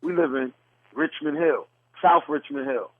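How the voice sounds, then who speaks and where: A New York City man with a New York accent hosts a casual podcast chat, bluntly comparing the way people talk and mimicking dialects as he tells stories. His voice is a little high and a little slow, and the sound is phone-quality with no echo.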